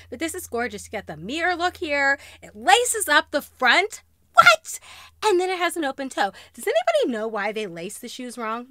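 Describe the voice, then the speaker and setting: Bubbly high-voiced woman vlogger. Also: no room sound. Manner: bubbly, gushing, bursts into excited exclamations; chatty and self-joking between exclamations. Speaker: vlogger host. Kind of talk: casual haul video chat.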